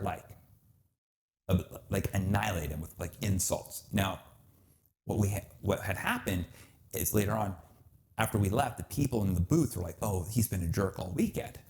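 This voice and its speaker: A man's voice: on the low side, fairly quick, a little mellow, a little hiss or hum. A man hosting a podcast, telling a story in casual chat, acting out quotes and swearing freely. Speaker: podcast host.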